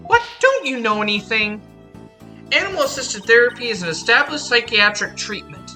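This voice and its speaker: A woman voicing an excitable young woman lawyer, reading game dialogue aloud. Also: a little high, moderate pace, soft background music, pitched above the performer's own voice. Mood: excited. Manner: peppy, gushing.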